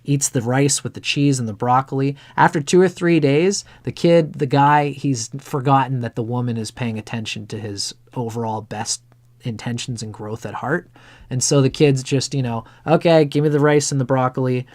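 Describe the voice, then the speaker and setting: A man's voice: mid-range voice, normal speed, darkish tone. A man giving an astrology chart reading on a livestream, talking in a blunt, rambling way and swearing casually.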